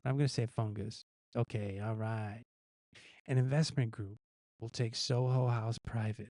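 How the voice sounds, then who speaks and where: Male live-stream host, dark mellow tone, dry close sound, playful quiz reader. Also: on the low side, fairly even intonation, measured pace, dry recording. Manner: jokey, reads quiz questions aloud and guesses the answers himself; chuckles at his own gag answers. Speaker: news show host.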